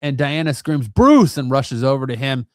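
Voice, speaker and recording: A man's voice: medium pitch, fairly even intonation, a little fast, dry recording. Enthusiastic man recapping a comic. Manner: enthusiastic, slangy. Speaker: comic book video host.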